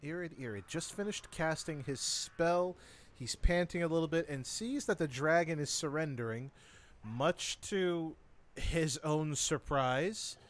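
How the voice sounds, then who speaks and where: A man's voice: fairly high pitch, a little slow. A man narrating as dungeon master of a tabletop game, laid-back, thinking aloud and chuckling.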